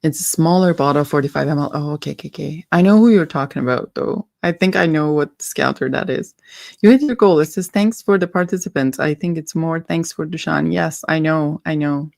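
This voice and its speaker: A woman's voice: sits low, fairly quick, gravelly, darkish tone, no room sound. A woman hosting a casual perfume livestream, playful and a bit silly, giggling as she chats with viewers and muses over scents. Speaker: livestream host reviewing perfumes.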